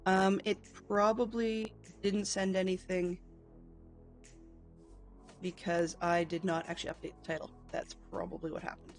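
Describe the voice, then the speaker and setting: A man talks through his game on a live stream, wandering from thought to thought with plenty of ums and a dry, self-mocking edge. His voice sits high and carries a gravelly fry. Soft game music plays faintly underneath. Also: level tone, moderate pace. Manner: rambling, thinking aloud with frequent ums. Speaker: video game livestreamer. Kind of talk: casual gameplay commentary.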